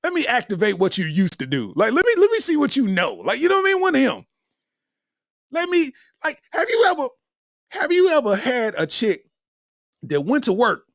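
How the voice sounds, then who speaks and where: A middle-aged comedian hosts a podcast and tells loose, slangy stories. His pitch swings up and down with lively energy. The sound is close and dry, with little room echo. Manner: animated, slangy, laughs between lines.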